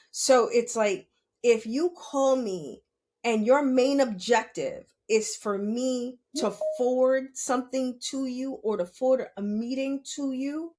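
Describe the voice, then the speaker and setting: A middle-aged woman hosting a podcast, giving blunt, profane advice in a casual monologue, laughing often and asking rhetorical questions. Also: fairly high pitch. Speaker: podcast host.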